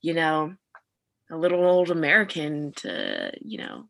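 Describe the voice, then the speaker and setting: A young woman in easy podcast conversation, her voice sitting a little low yet sounding bright and forward. She talks in quick, chatty runs and laughs often. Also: wildly swooping pitch, vocal fry. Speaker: podcast co-host. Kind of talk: casual chat.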